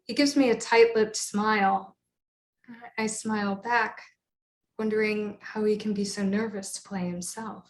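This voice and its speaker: A woman performs a solo theatre monologue, her mid-pitched voice wry and self-doubting. A roomy echo hangs around her. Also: steady tone, measured pace.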